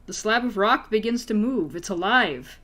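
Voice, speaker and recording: A woman's voice: medium pitch, lively intonation, normal speed, fairly bright tone. A woman reading an adventure book aloud as game master, playful and casual, laughing and swearing among friends. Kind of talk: reading a story aloud to players.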